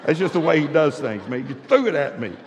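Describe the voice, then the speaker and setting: A man's voice: on the high side, sing-song, brisk, highs cut off, a faint crowd. A man, preaching a sermon as pastor. He speaks emphatically, often stammers on his first words, and leads the congregation in repeating phrases. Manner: emphatic preaching with call-and-response repetition. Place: church sanctuary. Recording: long church reverb.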